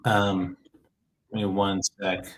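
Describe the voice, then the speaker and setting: A man hosting a laid-back chat, his voice sitting a little low and his delivery unhurried. He rambles warmly, pausing, trailing off and circling back as he shares something that moves him. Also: little pitch movement, rough recording. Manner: rambling and heartfelt, trailing off and restarting. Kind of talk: casual chat.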